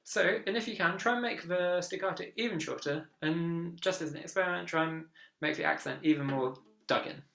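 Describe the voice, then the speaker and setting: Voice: medium pitch, brisk, creaky, a bit bright. A viola teacher giving an online lesson, encouraging and counting beats aloud. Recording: echoey room with viola playing.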